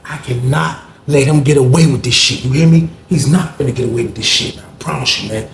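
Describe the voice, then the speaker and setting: A man tells a rough, profane story with lots of drive, acting out each scene and filling gaps with hummed sound effects. His voice sits at an ordinary middle pitch. The recording has a roomy, echoing sound. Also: fairly quick, a little hiss or hum. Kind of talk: animated street storytelling. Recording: roomy echo.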